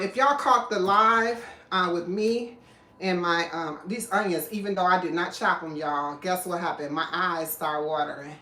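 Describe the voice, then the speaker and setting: A woman's voice: fairly low pitch, bright, forceful tone. A chatty woman hosts a live cooking show from her kitchen. She rambles between chopping and greeting viewers. Her voice bounces around an echoey room with a faint hum of noise behind it. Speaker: cooking livestream host. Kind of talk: casual live cooking chat. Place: home kitchen.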